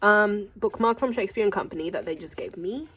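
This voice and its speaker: A woman's voice: mid-range voice, a little fast, lo-fi sound, crowd noise. A young woman from Australia narrating a casual travel vlog, chatty and jokey, talking straight to her viewers. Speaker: vlogger.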